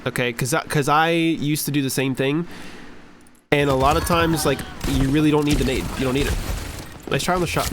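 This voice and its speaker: A man's voice: mid-range voice, noisy background. A man reviewing gameplay footage live, coaching a player in a casual, encouraging way and repeating his instructions. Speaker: streamer coach.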